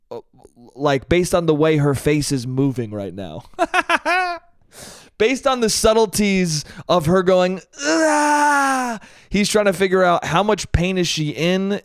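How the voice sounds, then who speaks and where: A man talks to himself on his podcast, spinning a rambling comic anecdote and laughing at his own lines. His voice sits a little high for a man, and the recording is dry and close with no room sound. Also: clean tone, dry recording. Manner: rambling, laughs at own stories, says "dude" a lot. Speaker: podcast host. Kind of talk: solo comedic storytelling.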